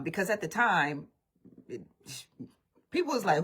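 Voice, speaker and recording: A woman vlogger telling a story to her viewers in an animated, chatty way, speaking straight to them. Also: mid-range voice, measured pace, slightly rough. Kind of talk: casual storytime livestream.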